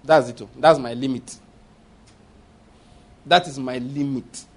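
A man's voice: medium pitch, takes it slowly. A man preaching a sermon, acting out prayers and asking the congregation rhetorical questions. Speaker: pastor.

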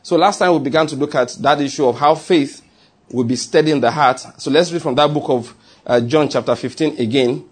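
A man's voice: on the high side, fairly quick, slightly rough. A middle-aged male pastor preaching a sermon, emphatic and repeating his key phrases.

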